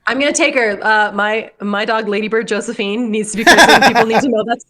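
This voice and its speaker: Animated woman in her forties, chatty storyteller. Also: fairly high pitch, fast, a crowd in the background. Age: 40s. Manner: animated storyteller, acts out voices and laughs often. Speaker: podcast co-host. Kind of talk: casual chat.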